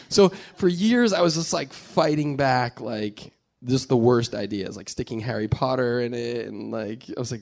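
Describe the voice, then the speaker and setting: Guy telling wild stories bout making his movie, animated, swears a lot, laughs as he talks. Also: mid-range voice, fairly quick, creaky. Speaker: film director. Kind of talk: casual storytelling.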